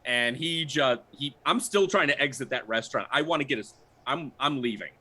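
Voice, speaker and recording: A man playing a character in a tabletop game, declaring his actions in a lively, casual way. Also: mid-range voice, slightly rough. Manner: lively, animated, quick declarations. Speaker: player.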